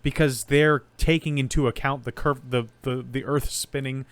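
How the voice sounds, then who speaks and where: A man's voice: mid-range voice, fairly even intonation, normal speed, no echo. A man co-hosting a podcast in casual chat, rambling through guesses and making dry jokes. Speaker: podcast co-host.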